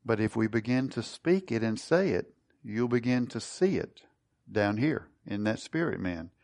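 Guy preaching, kinda gravelly, quizzes the congregation as he goes. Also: medium pitch, expressive, measured pace, a little mellow. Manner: teaching, asks the congregation questions. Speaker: pastor. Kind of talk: sermon.

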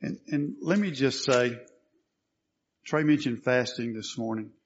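A man's voice: mid-range voice, measured pace, highs cut off, slight background noise. Emphatic male preacher asking questions. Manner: asks the congregation questions and answers them, emphatic. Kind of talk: sermon.

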